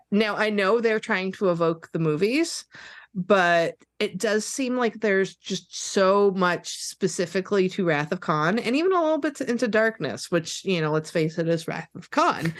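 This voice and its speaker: A woman's voice: medium pitch, fairly bright tone, no echo, studio quality. A woman co-hosting a podcast, talking casually and wryly, with many fillers like "you know". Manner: chatty, full of "like" and "you know", wry. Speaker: podcast co-host. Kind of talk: casual review chat.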